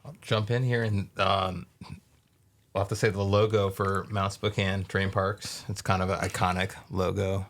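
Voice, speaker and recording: Male co-host, very low, flat delivery, hesitant questioning. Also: normal speed. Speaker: podcast co-host. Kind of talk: interview question.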